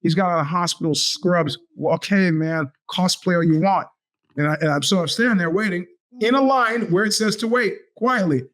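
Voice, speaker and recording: A man's voice: high-pitched, normal speed. A man in his fifties hosting a podcast, telling a long rambling story and acting out the voices of the people in it. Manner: animated, acts out quoted voices. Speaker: podcast host. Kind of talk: storytelling monologue.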